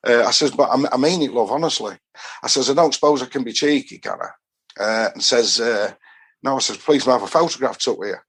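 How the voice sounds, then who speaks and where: A man's voice: mid-range voice, a bit bright, husky. Chatty Yorkshire man telling stories. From Doncaster, England. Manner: rambling storyteller who acts out quoted dialogue. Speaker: football fan guest. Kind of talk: casual anecdote telling.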